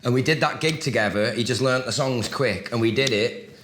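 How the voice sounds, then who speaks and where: A man's voice: medium pitch, fairly quick, fairly bright tone, slight background noise. Young english guy chatting easy, kinda echoey room. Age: young adult. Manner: chatty, laid-back storyteller with restarts. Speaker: musician guest. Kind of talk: casual chat.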